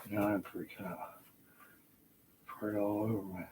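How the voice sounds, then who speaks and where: A man's voice: on the low side, level tone, unhurried, noisy background. A man ranting in his home kitchen into a handheld phone, agitated and profane, rambling and trailing off into mutters. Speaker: vlogger. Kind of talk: unscripted rant to camera.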